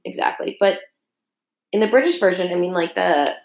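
A woman's voice: lowish voice, a little fast, darkish tone. A woman in chatty casual conversation, with lots of fillers. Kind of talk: casual chat about reality TV. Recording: echoey room.

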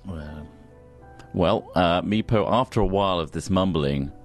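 A man describing his character's actions in a tabletop role-play, halting and amused. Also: low-pitched, faint music behind. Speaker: player.

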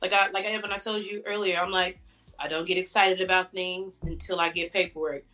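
A woman's voice: lowish voice, fairly even intonation, fairly quick, bright, forceful tone. A woman guest on a podcast interview, speaking candidly and chattily about herself. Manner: candid, chatty, self-reflective. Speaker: guest, fashion stylist. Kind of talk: casual interview chat. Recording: dull lo-fi sound, faint music.

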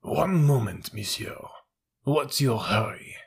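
A man's voice: mid-range voice, very animated, heavily acted. A man voicing a stern old French detective who speaks with authority. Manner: authoritative, slow and gravelly.

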